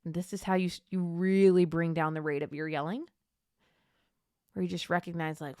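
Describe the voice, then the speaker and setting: A woman hosting a podcast, coaching mothers in an encouraging, gently reassuring teaching monologue. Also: fairly low pitch, fairly even intonation, moderate pace, long pauses, no echo, clean studio sound. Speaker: podcast host and Catholic mom coach.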